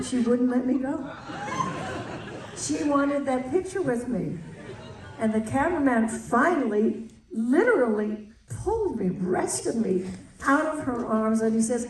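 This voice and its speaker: An older woman telling an anecdote on stage, laughing as an animated storyteller. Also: high voice, a little slow, crowd noise, noisy background. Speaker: guest. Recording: roomy hall, distant mic.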